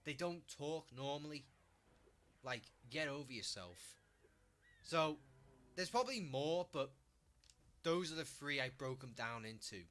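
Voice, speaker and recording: A man's voice: medium pitch, sing-song, measured pace, pauses often, a bit bright. A Liverpudlian man with a Scouse accent, ranting bluntly and swearing freely as he chats on his stream. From Liverpool, England. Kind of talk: casual ranting commentary.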